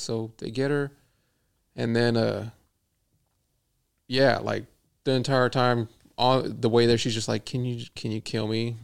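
A man's voice: medium pitch, little pitch movement, unhurried, gravelly, long pauses, clear, resonant tone. A young man telling a rambling, profane work story in casual podcast chat, laughing often. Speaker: podcast co-host.

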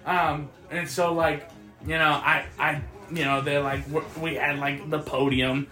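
A man's voice: a little high, unhurried, roomy sound, faint music behind. A man telling stories in a casual chat, profane and laughing as he goes. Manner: profane, laughing, animated storytelling. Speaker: podcast host.

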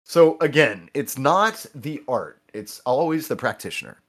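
A man's voice: mid-range voice, unhurried. A man in his thirties telling stories on a podcast, loose and profane. He keeps restarting his sentences, jumps into voices for the people in his stories, and swears as easily as he breathes. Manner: animated, profane, with many restarts and quoted voices. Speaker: podcast guest. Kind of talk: casual storytelling chat.

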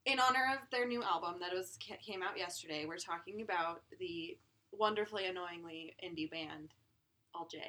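A woman's voice: lowish voice, moderate pace, sharp tone. A woman co-hosting a podcast, chatting casually and rambling, laughing often between thoughts. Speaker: podcast co-host.

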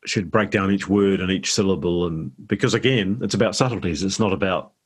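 Middle-aged New Zealand man, low and deep, relaxed rambling interview guest. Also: fairly quick, breathy edge. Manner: easygoing, rambling anecdotes. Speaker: actor guest.

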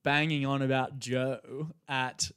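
A man who is a guest on a casual podcast. He tells lively stories, acts out quotes in other voices and laughs often. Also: medium pitch, slow, clear, resonant tone. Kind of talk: casual chat.

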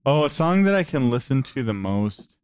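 A man talking as a musician guest in a casual podcast chat, relaxed and loose, with lots of "like" fillers. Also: medium pitch, normal speed, clear, resonant tone, no room sound, studio quality. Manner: relaxed, heavy use of "like" fillers.

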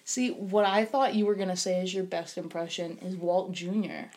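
A woman's voice: fairly low pitch, fairly even intonation, normal speed, a little mellow. A young woman co-hosting a casual podcast, teasing her co-host and laughing as they chat.

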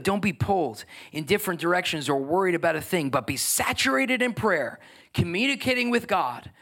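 A man preaching a sermon, building to emphatic, energetic exhortation. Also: on the high side. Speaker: pastor.

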